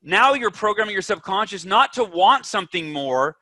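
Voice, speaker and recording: A man's voice: high voice, lively intonation, moderate pace, bright, forceful tone, no echo. A man guest on a podcast, talking with energy and emphasis and acting out the voices in people's heads. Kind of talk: animated interview talk.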